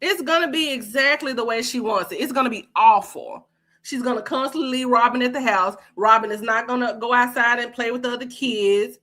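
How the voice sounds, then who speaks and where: Brief: a woman host with a bright, forceful voice, sassy and profane, chatting live. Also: a little high, brisk. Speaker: podcast host. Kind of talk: casual livestream commentary.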